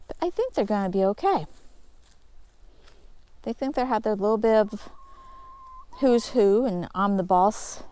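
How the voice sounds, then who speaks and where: A woman's voice: mid-range voice, animated, unhurried, pauses often, dark tone. Easygoing woman chatting around her farmyard. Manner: easygoing, explains as she goes with plain homespun talk. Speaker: homesteading vlogger. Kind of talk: casual walk-and-talk narration. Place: outdoors in a farmyard.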